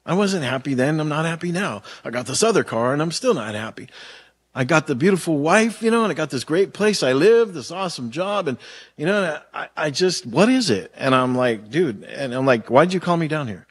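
A man's voice: on the high side, lively intonation, a little fast, slightly rough. Chatty, laid-back male pastor. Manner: chatty storytelling with slang and many fillers. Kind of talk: casual conversational sermon.

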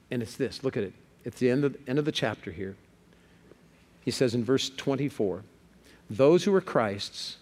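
Guy preaching a sermon, medium voice, chatty, trips over words, asks the room stuff. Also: mid-range voice. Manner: lively, repeats words when stuck, asks the crowd questions.

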